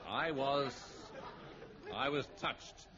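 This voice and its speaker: A man hosting and narrating a 1960s radio comedy in a dry, deadpan way. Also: mid-range voice, extremely slow, crowd noise. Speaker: host and narrator. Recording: muffled vintage radio recording with hiss.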